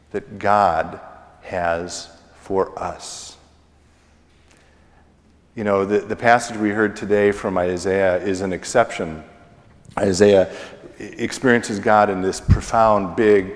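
Middle-aged guy preaching slow, drawn out pauses, big church echo on it. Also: lowish voice. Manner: slow, deliberate preaching with pauses and falling endings. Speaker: pastor. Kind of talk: sermon. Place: church sanctuary. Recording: long church reverb.

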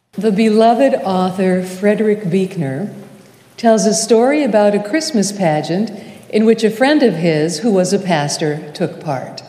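Slow, mellow-voiced woman preaching in echoey church. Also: medium pitch. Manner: slow, measured preaching with dramatic pauses. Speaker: pastor. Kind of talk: sermon. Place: church sanctuary. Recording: echoey church hall with long reverb.

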